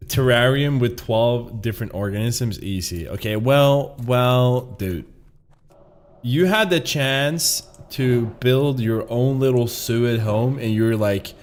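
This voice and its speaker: A man's voice: medium pitch, slow. A man streaming a game, rambling casually with jokes, swearing and frequent laughter. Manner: rambling, profane, joking, laughs often. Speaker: gaming streamer. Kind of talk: casual chat while gaming.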